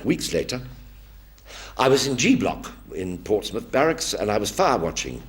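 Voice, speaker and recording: A man's voice: fairly low pitch, normal speed, slightly rough. An older man telling wry wartime anecdotes on a theatre stage in a one-man show. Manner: lively, wry, acts out voices.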